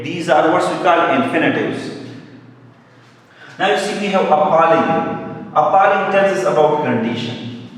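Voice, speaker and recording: A male English teacher giving a grammar lecture, explaining slowly and repeating key words, with brief Hindi glosses. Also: fairly high pitch. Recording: echoey hall, mic far off.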